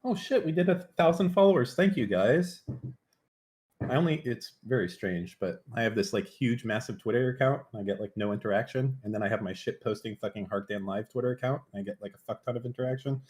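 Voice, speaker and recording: A man's voice: medium pitch, fairly quick, a little mellow. A man streaming live, chatting casually in a brash, profane, mock-threatening way.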